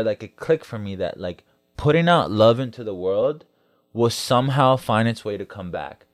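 A young man in casual chat, telling a story and acting out the people in it with lively quoted voices. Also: fairly low pitch, normal speed, dry recording, clean studio sound. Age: young adult. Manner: storytelling, animated when quoting others.

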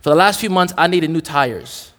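In a reverberant church hall, a young man preaches to the congregation with candor and humor, keeping things conversational. His voice sits on the high side and sounds fairly bright, expressive in delivery at a moderate pace.

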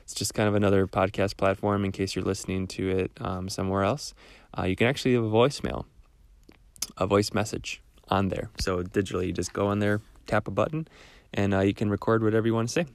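A young man with a cold, hosting a casual solo podcast in a rambling, relaxed way with small laughs. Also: fairly low pitch, fast, gravelly, dry recording. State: stuffed-up cold voice. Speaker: podcast host.

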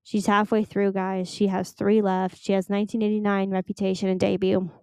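A young woman hosting a solo podcast, chatting casually in a gushing, rambling, excitable way. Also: medium pitch, brisk, clean tone, no room sound, clean studio sound. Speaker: podcast host.

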